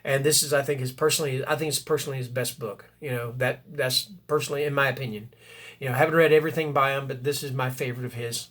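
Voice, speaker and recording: With a mid-range, fairly bright voice, steady in tone and fast, this booktuber rambles casually about books. He corrects himself as he goes, gets enthusiastic in bursts, and reads blurbs aloud.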